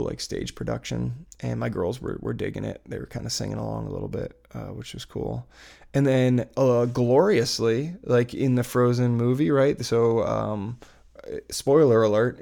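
A man's voice: medium pitch, gravelly, a little mellow. A man in his thirties chatting casually about a family theme park trip, rambling with lots of fillers and restarts. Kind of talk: casual chat.

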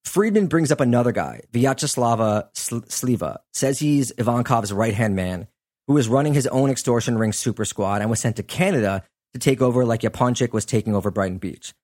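A man's voice: medium pitch, expressive, brisk, darkish tone. A man hosting a podcast, telling a story in a loose, conversational way with lots of fillers. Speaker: podcast host; sports journalist. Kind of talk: casual storytelling chat.

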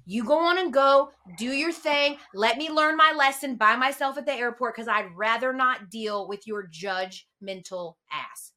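Woman, podcast co-host, bright voice, animated storyteller, acts out quotes. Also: fairly high pitch, unhurried, few pauses. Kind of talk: casual chat.

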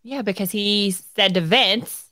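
A woman's voice: mid-range voice, unhurried, pushed and bright, no room sound, studio quality. A woman co-hosting a podcast in casual chat, blunt and loose, swearing freely. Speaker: podcast co-host.

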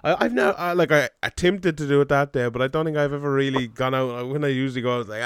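A man's voice: medium pitch, fast talker, smooth, dry recording, studio quality. A man in his thirties with an Irish accent, hosting a casual podcast and chatting loosely, swearing and laughing often. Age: 30s. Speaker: podcast host.

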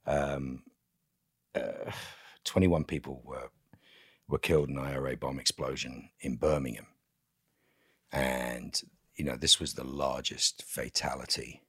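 A man's voice: rumbling low, fairly even intonation, a little slow, long pauses, fairly bright tone, slightly rough, no echo. A man being interviewed on a podcast in a studio, telling candid stories in a wry way. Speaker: guest actor. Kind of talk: casual interview chat.

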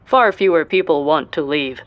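A narrator voicing a border guard whose speech is smoothed by a voice standardization filter. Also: mid-range voice, a little fast, lo-fi sound, slight background noise, close to an everyday voice. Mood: dry. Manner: flat, processed.

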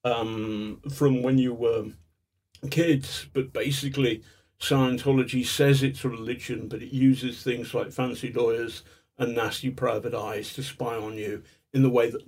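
A man speaking as an interview guest, in a mid-pitched, ordinary voice. He tells his stories in an animated, chatty way and chuckles often as he goes. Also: measured pace. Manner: animated raconteur, chuckles as he talks. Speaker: guest, journalist. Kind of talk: casual storytelling interview.

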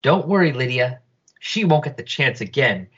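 A man's voice: medium pitch, expressive, normal speed, fairly bright tone, a little hiss or hum, lightly acted. A man reading as a pompous scheming chief. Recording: dull lo-fi recording.

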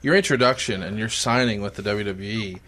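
A man's voice: lowish voice, brisk, pushed and bright. A man hosting a podcast who reads a passage aloud and then reacts with big laughs and enthusiasm. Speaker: podcast host. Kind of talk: reading aloud and casual chat.

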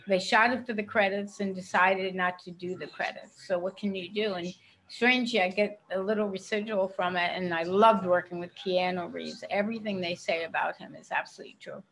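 An older actress in a casual interview, a chatty storyteller who laughs often. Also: female voice, medium pitch, a bit bright, poor audio. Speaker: actress guest.

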